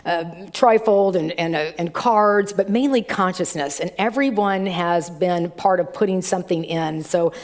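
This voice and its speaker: A middle-aged woman minister speaks to her church congregation in a loose, chatty sermon. She tells stories with animated swings, dropping into playful voices for the people she quotes. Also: lowish voice, unhurried, hardly any pauses. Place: church sanctuary.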